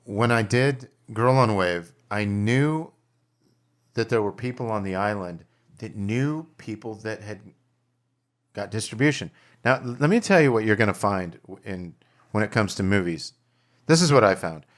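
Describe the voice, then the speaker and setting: A man's voice: lowish voice, moderate pace. A middle-aged man, a documentary filmmaker, telling stories in casual chat and acting out the people he quotes. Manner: animated storyteller, acts out quotes, swears freely. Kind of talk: casual chat over drinks.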